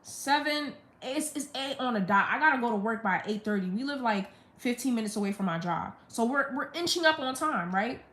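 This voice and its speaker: A woman's voice: on the high side, animated, brisk, few pauses, fairly bright tone. A young woman on a live stream, venting a blunt, profane storytime rant about her family. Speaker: livestreamer. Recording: roomy echo.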